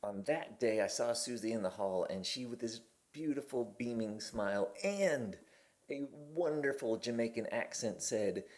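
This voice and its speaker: A man's voice: mid-range voice, expressive, a little slow, a little mellow. A man in his forties hosting his own channel, talking casually and candidly from his kitchen table. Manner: conversational and candid, with restarts. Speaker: host. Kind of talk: casual to-camera talk.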